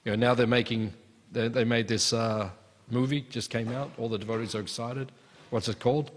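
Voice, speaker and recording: A man's voice: medium pitch, fairly even intonation, fairly quick. A man giving a devotional scripture class, telling stories conversationally and acting out the characters' lines. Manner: storytelling with acted asides, conversational. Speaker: class speaker. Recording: long hall reverb.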